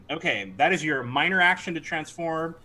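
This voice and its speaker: Bright-voiced male game master. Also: on the high side, animated, measured pace, slight background noise, rough recording. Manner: chatty, with many restarts and fillers. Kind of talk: narrating a tabletop game.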